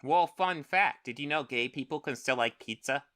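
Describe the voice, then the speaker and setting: A man's voice: on the high side, normal speed, bright, forceful tone. A man commenting in a video clip, dismissive and sarcastic. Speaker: YouTuber in a played clip.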